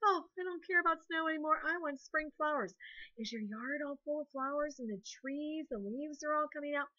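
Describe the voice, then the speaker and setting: A woman's voice: high-pitched, a little fast, pushed and bright, dry recording, dull audio. A woman voicing a cheerful male stuffed toy who chats with the class in an upbeat, encouraging way. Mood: chatty.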